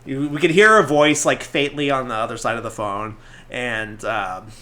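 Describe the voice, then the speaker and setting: A man with a bright, forward voice retells a film in a loose, chatty podcast style. He talks at a middle pitch and piles on fillers and restarts as he walks through the scenes. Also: normal speed. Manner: rambling, filler-heavy retelling with acted-out quotes. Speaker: podcast host. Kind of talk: casual movie recap chat.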